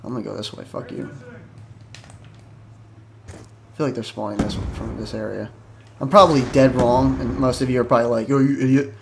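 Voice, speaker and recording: A man giving casual commentary over his own gameplay, excitable, swearing and yelping when the action spikes. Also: medium pitch, moderate pace, creaky, pauses often. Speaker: gaming YouTuber. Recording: game noise behind voice.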